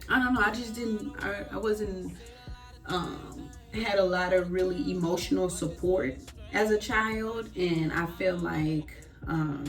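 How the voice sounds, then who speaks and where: A woman's voice: fairly low pitch, slow pace, soft background music. A woman guest, in a casual personal chat, speaking openly and reflectively with many fillers.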